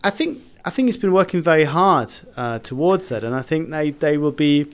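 A man's voice: on the high side, lively intonation, moderate pace. Opinionated man analysing football. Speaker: football pundit. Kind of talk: casual chat.

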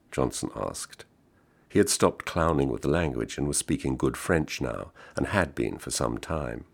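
A man reading a literary short story aloud in a dry, measured, understated manner. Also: rumbling low, vocal fry. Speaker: reader.

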